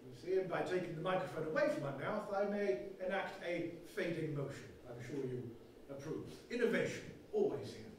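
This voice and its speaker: Hear a man as an earnest, fussy radio announcer of the 1920s, delivering his lines in a pompous, formal way. The voice sits high for a man. It is heard from a distance in a very echoey hall, with faint noise behind it. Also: expressive, moderate pace. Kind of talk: comic one-man stage play. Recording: echoey hall, far from mic.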